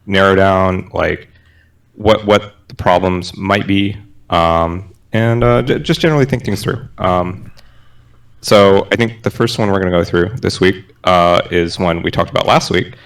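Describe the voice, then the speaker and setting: Soft-spoken man hosting a podcast. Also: sits low, smooth. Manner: laid-back, swears often, soft-spoken. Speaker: podcast host. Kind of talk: casual podcast chat.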